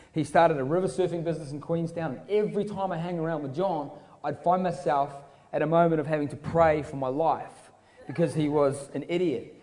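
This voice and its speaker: A man's voice: on the high side, dark tone. A young man from New Zealand with a New Zealand accent, preaching a sermon with casual storytelling and joking asides. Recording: long hall reverb.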